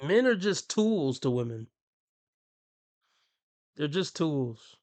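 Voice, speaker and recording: A man's voice: a little high, sing-song, slow, darkish tone, no room sound. A man ranting bluntly and crudely as he reacts to clips on his stream. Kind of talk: ranting commentary.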